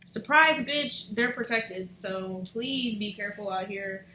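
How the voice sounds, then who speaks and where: Casting note: bright, blunt woman, casual tarot reader, echoey room, faint hiss. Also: mid-range voice, unhurried. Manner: chatty, blunt, swears freely. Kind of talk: casual tarot reading to camera.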